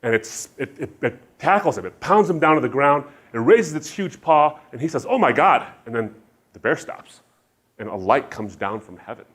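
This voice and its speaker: A middle-aged man giving a sermon-style lecture with anecdotes, emphatic and shifting from loud stresses to quiet asides. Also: mid-range voice, lively intonation, moderate pace. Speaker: Christian speaker.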